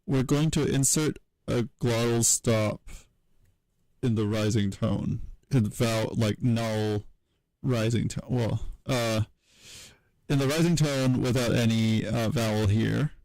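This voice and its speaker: A man giving a casual livestream tutorial, thinking aloud at his computer in a halting way, with many fillers and self-corrections. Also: medium pitch, a little mellow, no room sound, poor audio. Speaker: streamer teaching historical linguistics.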